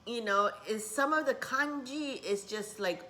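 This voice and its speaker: Bright-voiced rambling woman teacher. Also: on the high side, unhurried. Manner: rambling, warm-hearted, mixes in Japanese words. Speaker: spiritual workshop teacher. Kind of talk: casual vlog talk.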